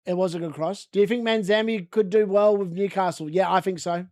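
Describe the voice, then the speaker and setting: A man hosting a casual live football watchalong, excitable and shouting when goals go in. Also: high voice, a little fast, no echo, clean studio sound. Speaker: watchalong host. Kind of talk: casual live match commentary.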